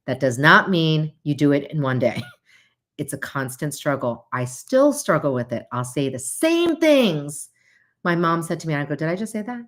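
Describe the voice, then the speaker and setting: Lively low-voiced woman hosting a talk. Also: normal speed. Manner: animated, acts out quoted voices with big pitch jumps; conversational, with frequent laughs and asides. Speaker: host. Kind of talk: casual livestream talk to a chat audience.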